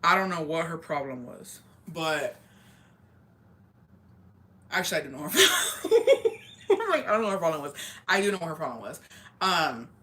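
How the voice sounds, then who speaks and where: A young woman telling a story in casual chat, swearing constantly and talking in an animated way. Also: low voice, normal speed, pauses often. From rural area.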